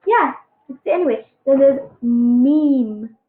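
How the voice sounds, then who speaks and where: A woman giving a casual pronunciation lesson on letter sounds, halting and full of fillers, encouraging her students. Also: high-pitched, expressive. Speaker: Arabic alphabet teacher. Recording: echoey, tinny phone-like sound.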